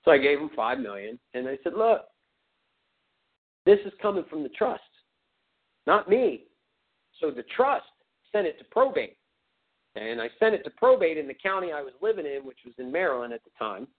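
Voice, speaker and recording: Man, casual storytelling, blunt and swearing, fairly high voice, tinny call audio. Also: very animated, brisk. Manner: blunt, profane, emphatic. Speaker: speaker on a community call. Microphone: phone or call line. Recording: tinny phone line.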